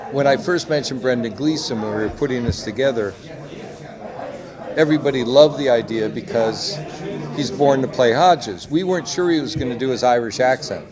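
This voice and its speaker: An executive producer and director gives a press interview on a busy convention floor, telling anecdotes in a relaxed, chatty way and doing lively voices for the people he quotes. His voice is mid-pitched, and loud, clear crowd chatter murmurs behind him.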